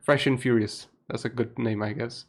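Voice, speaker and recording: A young man from Portugal with a Portuguese accent, keeping his voice low at night while chatting on a live stream, laughing often and swearing casually. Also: steady tone, moderate pace. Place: home room at night.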